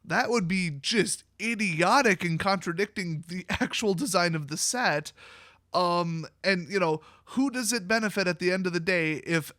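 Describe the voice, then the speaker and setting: A man's voice: high voice, normal speed, sharp tone, no room sound, clean studio sound. A young man from Wisconsin giving blunt, sarcastic solo commentary as a card game video host.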